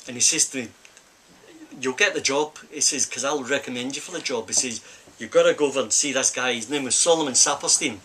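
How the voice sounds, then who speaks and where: A man's voice: medium pitch, brisk, sharp tone, a little hiss or hum. An older man with a Scottish accent, a film stuntman recalling his past in a rambling, casual storytelling manner. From Scotland. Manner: rambling anecdotal storytelling with repeated "I says". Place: film set during a break.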